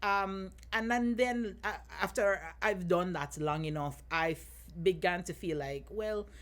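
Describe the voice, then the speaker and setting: A woman from Jamaica with a Jamaican accent, a guest in a casual chat, speaking reflectively and thinking out loud as she goes. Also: fairly low pitch, a little slow. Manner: reflective, thinks aloud with many fillers and restarts.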